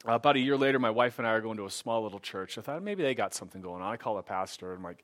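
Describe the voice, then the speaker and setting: Man, middle-aged, lowish pitch, earnest, casual testimony talk. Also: very fast, hardly any pauses, a bit bright. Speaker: speaker sharing a personal faith testimony.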